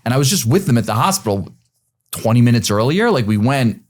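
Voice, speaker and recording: A man's voice: mid-range voice, big pitch swings, a little fast, dry recording. A man in his forties, a podcast guest, telling a personal story in a rambling, casual way, full of fillers and some swearing.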